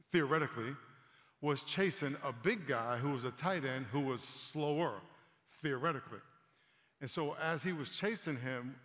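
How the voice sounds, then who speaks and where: A man in his fifties preaching a conversational sermon to a congregation, animated and storytelling, often repeating words as he talks. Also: medium pitch. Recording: long hall reverb.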